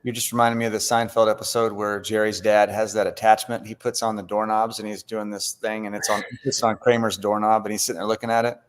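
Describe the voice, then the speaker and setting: A man's voice: lowish voice, level tone, quick pace, few pauses, slight background noise. A man co-hosting a casual live-stream chat, telling blunt anecdotes with quoted back-and-forth. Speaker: co-host.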